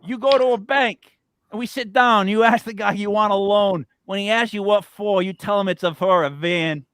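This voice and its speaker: A man hosting a casual paranormal talk show, excitable and stammering as he jumps between ideas. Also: high voice, normal speed, clean tone, no echo. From Italian-American. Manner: excitable, stammers and repeats words. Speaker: podcast host. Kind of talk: casual chat.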